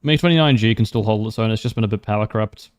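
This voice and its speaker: A man's voice: on the low side, fast, no room sound. A young man livestreaming a game, chatting casually with wry humor, laughing often and answering viewers' questions. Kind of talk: casual gameplay commentary.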